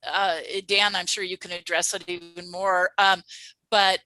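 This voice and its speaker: A woman co-hosting a casual panel chat, talking haltingly with many pauses and restarts. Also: on the low side, level tone, sharp tone, no echo, faint music behind, low-quality recording.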